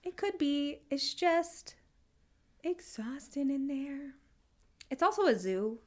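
A woman co-hosting a podcast in casual chat, animated and talkative. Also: high voice, slow pace. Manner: chatty, animated, puts on voices when quoting. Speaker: podcast co-host.

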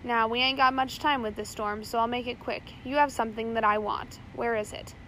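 A cool, ruthless pirate captain, as a woman puts him on, gruff and menacing with a slightly high pitch. He gives orders in short, hard lines. It is a storybook reading. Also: fairly even intonation, brisk, fairly bright tone, a little hiss or hum, close to an everyday voice, rough recording.

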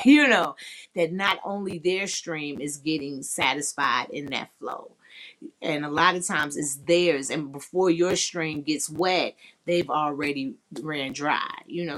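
Woman, podcast host, fairly low voice, blunt, explicit, candid, playful, casual chat. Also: fairly bright tone. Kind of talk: frank casual live chat.

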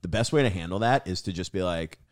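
A deep-voiced young man spins a rambling, swear-heavy story and calls everyone "dude". He sits close to a podcast mic in a dry, dead room. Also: animated, quick pace, dry recording. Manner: profane, says "dude" constantly. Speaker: guest comedian.

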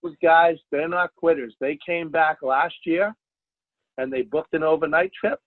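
A man, a fishing charter captain, telling a story in a casual interview, animated and loud at the high points. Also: unhurried, dry recording. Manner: animated, jumps to loud exclaims when retelling. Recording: dry tinny phone line.

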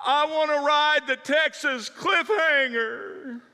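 A man's voice: extremely high pitch, slow, sharp tone, long reverb tail, voice pushed up, full character voice. A man voicing a whiny little boy who wails and screams in a tantrum. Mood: whining. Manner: wailing, screaming.

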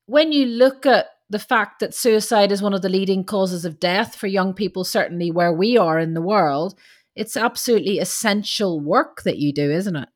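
A woman hosting a parenting and education podcast, reading a scripted introduction and then interviewing her guest in an articulate, measured, earnest way. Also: mid-range voice. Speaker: podcast host.

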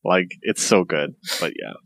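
A man's voice: sits low, very animated, normal speed, gravelly, a bit bright, dry recording. A man co-hosting a comic review podcast, chatting casually and enthusiastically, laughing often and acting out characters' lines. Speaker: podcast co-host.

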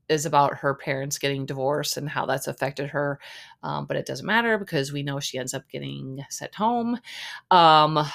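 Low-pitched woman podcast host, super chatty recap, full of likes and ums, very opinionated. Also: fairly bright tone. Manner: chatty, opinionated, lots of fillers. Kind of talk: casual reality-TV recap.

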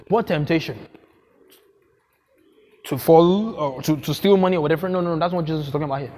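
A man's voice: high voice, fairly quick, a little mellow. A man preaching a sermon as pastor, emphatic, repeating phrases and asking the congregation questions.

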